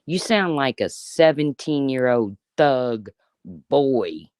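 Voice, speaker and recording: A woman's voice: a bass voice, animated, measured pace, dry recording, studio quality. A woman in her fifties giving an angry, profane, sarcastic rant on a live stream. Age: 50s. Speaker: YouTuber.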